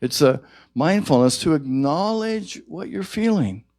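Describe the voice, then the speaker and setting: Slow, gentle male minister preaching. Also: fairly high pitch, lively intonation, no echo, studio quality. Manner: slow, gentle and reflective, rising for emphasis. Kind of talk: sermon. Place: church service.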